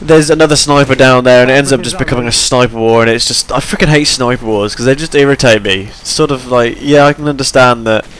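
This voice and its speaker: A man's voice: medium pitch, fast, few pauses, fairly bright tone, slight background noise. A tired young man giving rambling, chatty commentary over his gameplay, yawning between points. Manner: rambling, chatty, self-deprecating.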